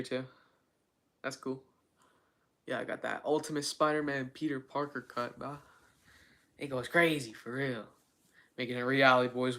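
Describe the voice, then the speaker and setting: A man's voice: medium pitch, fairly bright tone. A young man hosting a casual livestream, chatting with viewers in a rambling, self-mocking way full of fillers. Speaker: livestream host.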